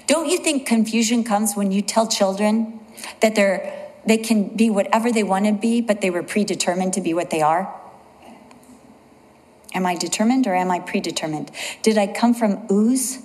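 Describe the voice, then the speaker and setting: Woman preaching a sermon, mid voice, earnest storytelling, slows way down to make a point, big echoey hall. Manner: earnest storytelling, slows and drops low for emphasis.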